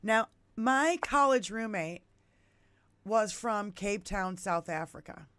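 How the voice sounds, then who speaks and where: A woman in her fifties from the United States hosting a podcast, telling stories in an animated way and swearing freely. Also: medium pitch, slow pace, clear, resonant tone, no room sound. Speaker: podcast host. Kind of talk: casual chat.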